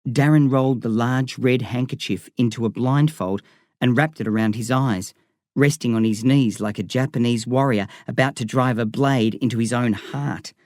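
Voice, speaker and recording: A man narrates a novel in a measured, vivid reading voice of middling pitch. The recording is close-miked and dry, with no room sound. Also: fairly even intonation, a little mellow, no room sound. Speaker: audiobook reader. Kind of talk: scripted narration.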